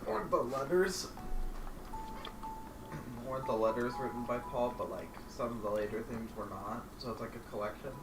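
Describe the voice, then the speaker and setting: A man's voice: medium pitch, normal speed, over music. A man joining a casual quiz off-camera, questioning and unsure as he thinks aloud. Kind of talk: casual chat. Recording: roomy, from across the room.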